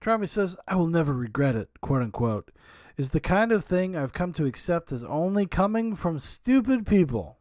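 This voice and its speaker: A man's voice: on the high side, very animated, moderate pace, darkish tone, no echo, studio quality. A man hosting a reaction video, giving blunt, mocking commentary and swearing freely. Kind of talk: crude sarcastic commentary.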